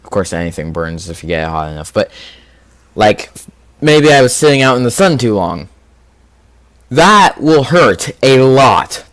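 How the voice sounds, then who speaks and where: Male gaming video host, mid-pitched, casual and rambling, thinks aloud with fillers. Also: very animated, a little slow, pauses often, fairly bright tone, no room sound. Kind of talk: casual commentary on a quiz game.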